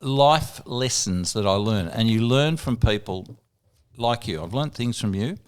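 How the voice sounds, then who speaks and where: An older Australian man, a veteran radio broadcaster, telling long anecdotes in a relaxed podcast interview. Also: mid-range voice, measured pace, smooth. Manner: anecdotal, relaxed storyteller, brief quoted voices.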